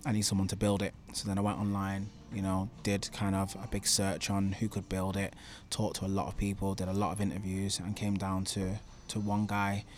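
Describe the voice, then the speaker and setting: Young Mancunian male guest, lowish voice, loose chatty delivery full of fillers. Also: moderate pace, few pauses. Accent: Manchester English. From England. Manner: relaxed, lots of fillers and laughs. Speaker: guest entrepreneur. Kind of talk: casual interview chat.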